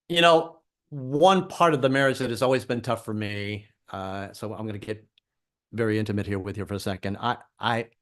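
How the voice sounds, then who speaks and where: A middle-aged man doing a stand-up comedy set, wry and self-deprecating. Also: mid-range voice.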